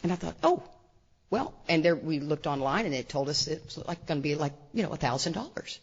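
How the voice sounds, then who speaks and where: A middle-aged woman speaking to a recovery meeting as an AA speaker, an animated, self-mocking storyteller full of asides. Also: deep voice, fast talker, slightly rough. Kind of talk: humorous recovery talk to a meeting. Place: meeting room with audience. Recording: dull lo-fi recording.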